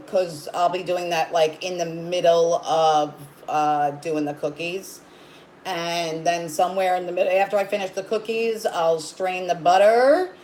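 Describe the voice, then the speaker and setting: A woman's voice: on the low side, a little mellow, a little hiss or hum, low-quality recording. A woman hosting a casual livestream, rambling as she greets viewers by name and coos at her dog. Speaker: livestream host.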